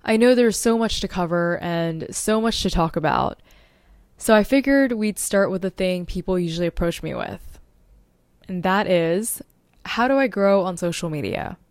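A woman's voice: on the low side, expressive, moderate pace, darkish tone, dry recording, studio quality. A young adult woman hosting a solo podcast as a social media strategist, talking in an upbeat, informative way and now and then tripping over her words.

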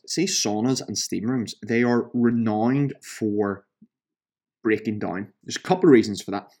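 A man's voice: on the low side, moderate pace, a little mellow. A man in his thirties hosting a casual solo podcast, chatting with lots of ums and sarcastically picking apart gym reviews. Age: 30s. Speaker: podcast host, fitness trainer.

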